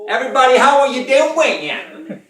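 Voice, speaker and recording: A man's voice: very high voice, big pitch swings, moderate pace, fairly bright tone, pitched above the performer's own voice, full character voice. A man doing a nasal, sing-song impression of a woman TV cooking host, recorded from a distance in a roomy kitchen. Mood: playful mimicry.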